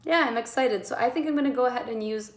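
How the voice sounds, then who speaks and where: A woman teaching a kindergarten writing lesson, sounding out letters slowly and encouraging young children. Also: fairly high pitch, echoey room.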